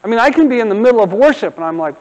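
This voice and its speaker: A middle-aged pastor delivers a rapid-fire sermon in a church sanctuary, telling stories with humor and animated asides. His voice sits high, and long reverb from the hall trails each word.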